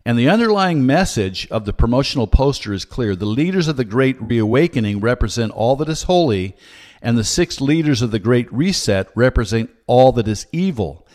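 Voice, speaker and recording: A man hosts a commentary podcast, speaking at a mid-range pitch. His delivery is earnest and measured, with a steady, scripted flow. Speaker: podcast host.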